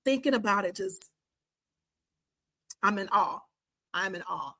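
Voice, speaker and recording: A woman's voice: mid-range voice, lively intonation, a little slow, bright, forceful tone, low-quality recording. A woman in her fifties hosting a faith-based podcast, talking enthusiastically and praying like a preacher. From Washington, D.C. and the Carolinas. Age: 50s. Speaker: podcast host. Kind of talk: podcast outro with prayer.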